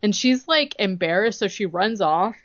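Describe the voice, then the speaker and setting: A woman on a podcast chats her way through a movie recap, peppering every sentence with "like" and acting out the characters' lines. Her voice sits at an average pitch. The recording is dry and a little muffled. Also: expressive, moderate pace, no echo. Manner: chatty, heavy use of "like", quotes characters and her own reactions. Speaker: podcast co-host. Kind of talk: casual chat recapping a movie.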